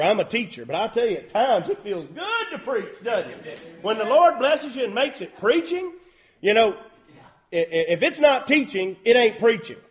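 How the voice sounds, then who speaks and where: A man preaching a sermon as a pastor, folksy and emphatic with loud bursts. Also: sits high. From Southern US.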